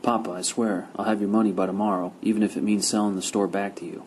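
A man's voice: fairly low pitch, little pitch movement, a little mellow, a little hiss or hum, lightly acted. A man reading the lines of a desperate male debtor who pleads in a hurry. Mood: pleading. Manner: pleading, hurried.

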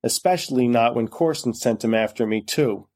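A man's voice: mid-range voice, normal speed, darkish tone, close to an everyday voice. A man voicing a wounded, dying male debtor who squeezes his words out in a strained, apologetic way. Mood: rueful.

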